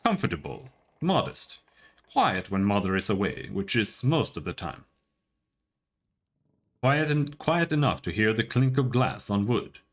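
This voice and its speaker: A haunted young man wizard from a fantasy game, speaking low, quiet and measured, as a man reads him. The tone rises and falls widely. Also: sing-song, full character voice.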